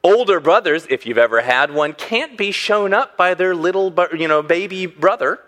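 Animated man preaching a sermon. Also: sits high, moderate pace. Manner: animated, acts out quoted voices. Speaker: pastor.

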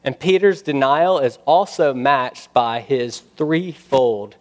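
A male pastor preaching a sermon, building to loud emphatic passages and dropping to quiet, pointed asides. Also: medium pitch, lively intonation, takes it slowly, noisy background.

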